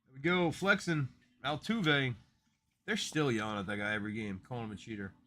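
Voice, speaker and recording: A man's voice: medium pitch, fairly quick, fairly bright tone. A man hosting a live card break stream, chatting casually and rattling off player names as he opens packs.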